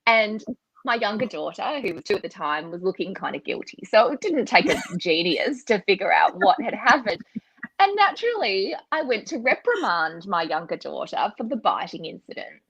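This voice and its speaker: A woman, a guest author telling a family story in animated conversation over a video call, laughing often as she talks. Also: medium pitch, normal speed, breathy edge, no echo, poor audio.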